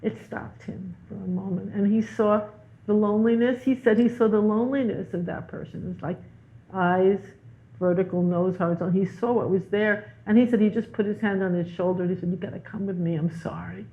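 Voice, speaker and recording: A woman's voice: medium pitch, steady tone, a little fast. A woman guest teacher in a spiritual conversation, telling stories animatedly and repeating words for emphasis. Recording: tinny phone-like line.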